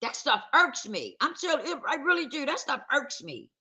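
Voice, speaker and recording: A woman's voice: high-pitched, sing-song, normal speed, sharp tone. A woman vlogger talking straight to camera in a casual, emphatic rant, circling back to the same points with heat. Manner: emphatic, repetitive, heated.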